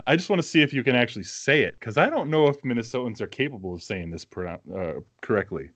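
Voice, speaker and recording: A man's voice: medium pitch, expressive, fast, a bit bright, dry recording. A man with a New England accent, co-hosting a casual podcast chat in a blunt, teasing way and swearing freely. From Massachusetts, New England. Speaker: podcast co-host.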